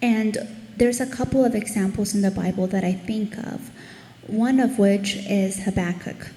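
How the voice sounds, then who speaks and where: A woman giving an earnest devotional Bible teaching, growing animated as she reads scripture aloud. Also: medium pitch, normal speed. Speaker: ministry speaker. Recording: echoey room with long reverb.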